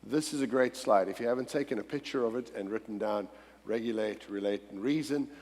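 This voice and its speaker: A man's voice: on the low side, brisk, darkish tone. A man co-presenting at a church conference breakout session, adding practical points with wry jokes. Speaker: conference speaker. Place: large church hall. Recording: long hall reverb.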